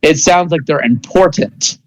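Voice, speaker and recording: A man's voice: on the high side, measured pace, rough recording. A young man narrating as game master in a rambling way, full of "like" and restarts. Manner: rambling, many fillers and restarts.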